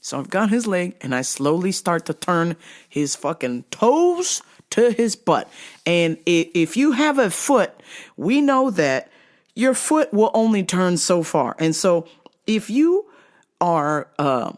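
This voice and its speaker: A speaker telling a story casually on a podcast, lively and profane, acting out the other people in it. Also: mid-range voice, slow.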